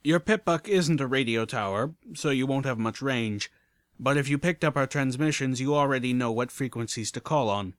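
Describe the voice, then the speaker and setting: Griffin mercenary captain, female, brisk and firm, read by a man. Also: mid-range voice, no room sound, lightly acted. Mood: explaining.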